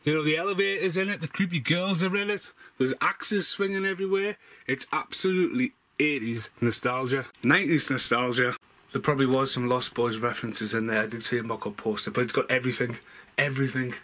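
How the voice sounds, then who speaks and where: A man giving an excitable, sweary movie review at home in a room full of film collectibles, saying wow again and again. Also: mid-range voice, a little fast. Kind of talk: casual excited vlog review.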